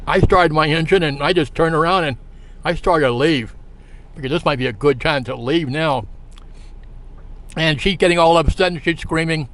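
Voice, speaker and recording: A man spins a casual anecdote, wandering and halting, with plenty of uhs and restarts along the way. His voice sits a bit higher than most men's. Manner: rambling and halting, full of fillers and restarts. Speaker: storyteller.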